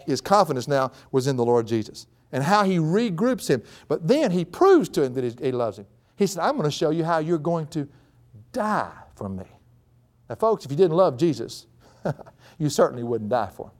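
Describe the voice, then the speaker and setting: A man preaching a sermon, folksy and animated, climbing to high excited peaks. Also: fairly quick.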